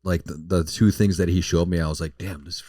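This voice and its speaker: Young male co-host with a cold, low register, loose and profane. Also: fairly even intonation, fairly quick, mellow, no echo. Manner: rambling, profane, searches for words. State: has a cold. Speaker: podcast co-host. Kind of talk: casual chat.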